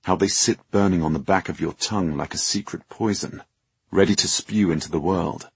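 A man reading an audiobook novel in a measured, dramatic way. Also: low voice, creaky, slight background noise. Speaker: audiobook narrator. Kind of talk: scripted narration.

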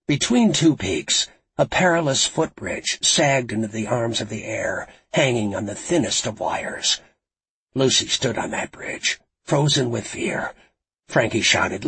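A man narrating a thriller audiobook in a dramatic, expressive storytelling manner. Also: lowish voice, slightly rough, no room sound.

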